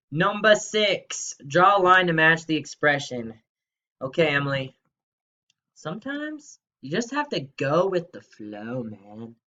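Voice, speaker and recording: A man's voice: medium pitch, bright, forceful tone, dull audio. A young man teaching a third grade grammar lesson from home, upbeat and playful, reading worksheet items aloud. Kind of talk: recorded remote grammar lesson.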